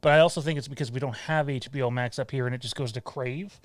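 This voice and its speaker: A man's voice: medium pitch, steady tone, fast talker, no echo, clean studio sound. A man from Canada co-hosting a podcast in casual chat, hesitant with lots of fillers and blunt, swearing remarks. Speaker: podcast co-host.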